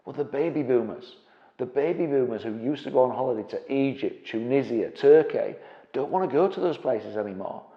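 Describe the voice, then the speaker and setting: A man giving an energetic seminar presentation as a property investment trainer, often checking in with the audience. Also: mid-range voice, fairly quick. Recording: dull, echoey hall with long reverb.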